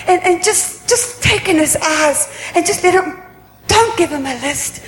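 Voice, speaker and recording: A woman's voice: very high-pitched, measured pace, fairly bright tone. A woman preaching a sermon in a church, earnest and repetitive, asking pleading questions. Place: church hall. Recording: echoey hall, faint room noise.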